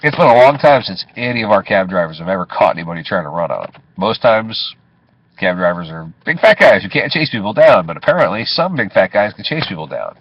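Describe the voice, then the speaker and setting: A man's voice: low voice, very animated, a little fast, breathy edge. A man, a taxi driver, casually telling a story from inside his cab, swearing and chuckling as he goes. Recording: dull lo-fi recording.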